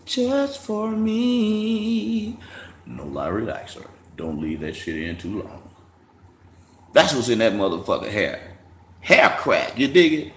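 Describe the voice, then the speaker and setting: A man's voice: sits low, animated, measured pace, a bit bright. A man hosting a casual livestream, profane and mocking, laughing often. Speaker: livestream host. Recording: echoey room, faint background noise.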